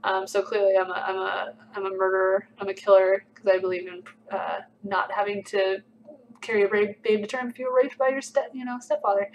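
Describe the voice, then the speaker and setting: A woman's voice: medium pitch, steady tone, a little fast, slight background noise, low-quality recording. A young woman hosting a casual livestream, reading comments aloud with a dry, sarcastic edge.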